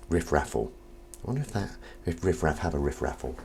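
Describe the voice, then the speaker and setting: Playful man, low voice, lively swings. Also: brisk, gravelly, few pauses, a little hiss or hum. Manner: playful, jokey, swings between loud greetings and mumbled asides. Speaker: livestream host. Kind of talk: casual live-stream chat.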